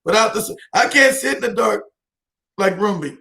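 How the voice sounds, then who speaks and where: American guy on an interview, pretty high voice, keeps repeating himself and laughing in between, real emphatic. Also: expressive, normal speed, creaky, sharp tone. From United States. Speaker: guest. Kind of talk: heated interview talk.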